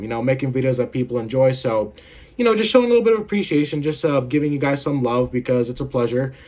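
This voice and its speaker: A man's voice: medium pitch, a little mellow. A young man hosting a casual video game commentary, rambling and swearing with lots of filler words while feeling unwell with a headache. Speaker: gaming video host.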